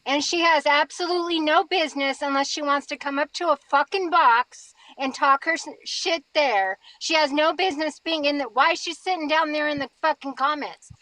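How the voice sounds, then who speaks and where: A woman's voice: high-pitched, normal speed, few pauses, bright, forceful tone, low-quality recording. A woman on a livestream, talking casually in an irritated, profane way.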